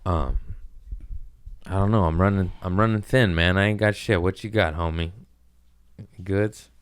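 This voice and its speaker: A man's voice: sits low, unhurried, smooth, no echo. A man hosting a podcast, chatting casually with loose, profane, jokey storytelling. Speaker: podcast host. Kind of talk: casual chat.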